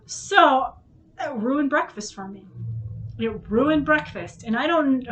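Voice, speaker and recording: Emotional high-voiced woman vlogger. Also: animated, slow, a bit bright, a little hiss or hum. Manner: emotional, frank, swears when upset. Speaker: vlog host telling a personal story. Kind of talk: candid storytelling to her son.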